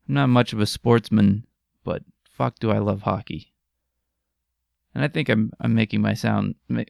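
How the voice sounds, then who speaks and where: A man's voice: fairly low pitch, vocal fry, no echo, clean studio sound. A man hosting a podcast in casual chat, rambling, jokey and crude. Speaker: podcast host.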